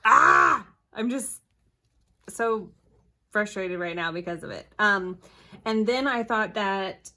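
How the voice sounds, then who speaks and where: A young woman talks straight to the camera set on her table at home. Her voice is bright and forward, and her talk is chatty and scattered, full of quick corrections. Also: lowish voice. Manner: chatty, flustered, rambling with self-corrections. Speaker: planner vlogger.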